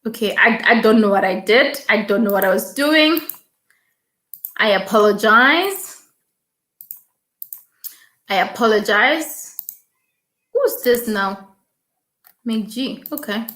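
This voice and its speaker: A woman hosts a casual live stream, taking her time over each word in a slightly high voice. She chats along, repeats her thanks and reads viewer comments aloud. The sound is roomy and echoey, picked up by a mic at some distance. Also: lively intonation, takes it slowly, pauses often, a bit bright. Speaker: YouTube live stream host.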